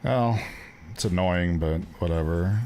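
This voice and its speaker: A Canadian man casually streams a card game, joking and often repeating words while thinking aloud in gameplay commentary. His low voice is unhurried and a little mellow, with slight background noise behind it.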